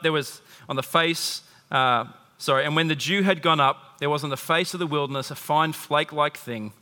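Male pastor preaching, bright and forceful, animated, recorded in a big reverberant hall. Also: a little high. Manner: animated preaching, swinging from loud emphasis to hushed intimacy. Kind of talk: sermon.

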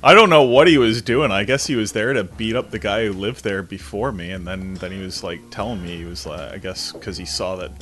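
A man's voice: lowish voice, fairly quick, few pauses, soft background music. A young man casually telling stories, acting out the voices of the people in them. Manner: animated, acts out voices of people in his stories. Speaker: storyteller. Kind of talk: casual storytelling chat.

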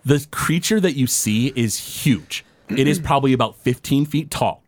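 A man's voice: mid-range voice, lively intonation, normal speed, no echo. A man narrating a tabletop game as game master, describing scenes loosely with many fillers.

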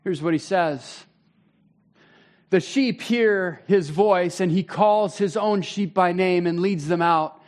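Animated high-voiced male preacher. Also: takes it slowly. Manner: animated, conversational preaching with sudden loud bursts. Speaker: pastor. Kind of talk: sermon.

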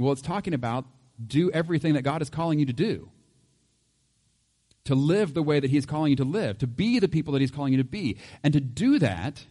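A man's voice: fairly high pitch, mellow, husky, long reverb tail. A male pastor preaching a conversational sermon, easygoing and chuckling often, with homely examples. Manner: conversational, laughs often, uses everyday examples.

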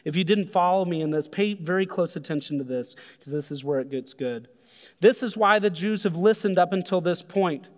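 A man preaching a sermon, animated, acting out voices when he quotes people. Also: high-pitched, brisk. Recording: long hall reverb.

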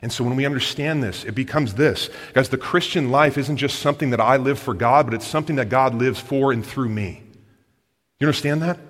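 Preacher in a reverberant church hall. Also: male voice, mid-range voice. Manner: swings from hushed and earnest to loud and excited; asks the congregation direct questions. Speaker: pastor. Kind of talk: sermon. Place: large church hall with congregation.

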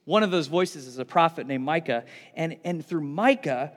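A man preaching a sermon, retelling a scripture story with animated, excited delivery and frequent restarts. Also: a little high, normal speed, long reverb tail. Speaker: pastor.

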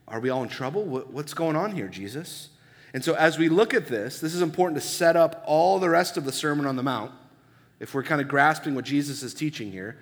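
A male pastor preaching a sermon in a conversational way, asking his listeners many rhetorical questions. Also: medium pitch. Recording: long reverb of a large hall.

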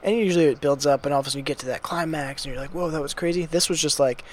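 Male co-host, relaxed easygoing delivery, thinking aloud in casual chat. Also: on the high side, racing. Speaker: podcast co-host. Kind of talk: casual film discussion.

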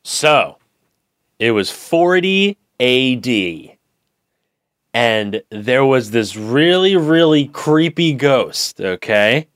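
A man co-hosting a casual podcast, telling a rambling, deadpan improvised story while recording from bed under the covers. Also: mid-range voice, extremely slow, no room sound, clean studio sound. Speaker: podcast co-host.

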